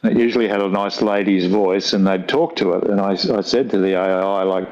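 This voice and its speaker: A man's voice: fairly low pitch, fairly even intonation, brisk, hardly any pauses, dull audio. An older man from Australia with a broad rural Australian accent, telling rambling stories with dry humour in a casual chat. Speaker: guest.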